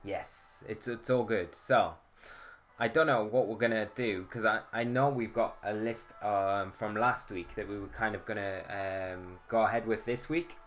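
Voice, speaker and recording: A man's voice: lowish voice, steady tone, unhurried, a bit bright. A man hosting a casual live stream, chatting and greeting viewers by name.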